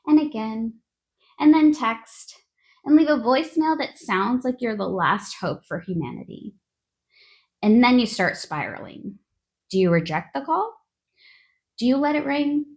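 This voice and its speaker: A woman hosting a nurses' podcast, giving a sarcastic, exasperated comedic monologue. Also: mid-range voice.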